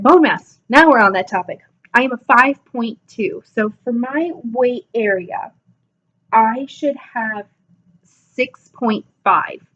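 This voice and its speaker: A woman's voice: mid-range voice, fairly bright tone. Woman in her 20s, casual vlog chat, drowsy and joking, muffled lo-fi sound. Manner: chatty, self-deprecating, laughs often. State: sleepy, yawning. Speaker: vlogger. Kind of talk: casual self-assessment vlog.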